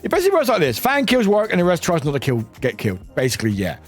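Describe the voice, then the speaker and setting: A man's voice: on the high side, wildly swooping pitch, racing, slightly rough, faint music behind. A British man streaming live, chatting casually with viewers, swearing freely and laughing often.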